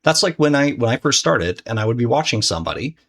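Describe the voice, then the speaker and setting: He talks fast with big pitch swings in a medium-pitched, creaky, fairly bright voice, teaching a recorded trading course lesson. Casual and conversational, the instructor speaks right to the viewer, swears freely, and often starts his sentences over.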